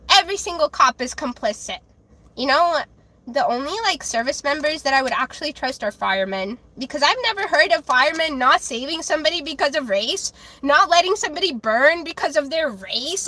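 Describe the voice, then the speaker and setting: A woman livestreaming, ranting angrily to her chat, with halting restarts and repeated words. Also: high voice, sharp tone, no room sound. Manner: angry, heated ranting with swearing.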